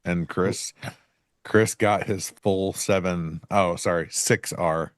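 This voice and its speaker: Man, trader, very deep voice, dry close sound, teasing. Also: slow pace, clear, resonant tone, no room sound. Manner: teasing, relaxed. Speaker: trader guest. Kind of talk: casual livestream chat.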